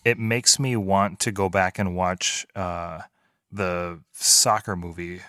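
A man's voice: sits low, fairly even intonation, slow pace, a bit bright, dry recording, clean studio sound. Rambling, enthusiastic podcast man. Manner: enthusiastic, rambling, searches for words. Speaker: podcast co-host. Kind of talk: casual movie-review chat.

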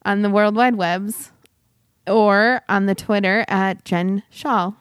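A woman co-hosting a podcast in a loose, playful way that is full of laughter. She talks at a middling pitch with a dry, close-miked sound. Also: steady tone, slow, clear, resonant tone, no room sound. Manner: laughs often, rambling and playful. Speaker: podcast co-host. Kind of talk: casual chat.

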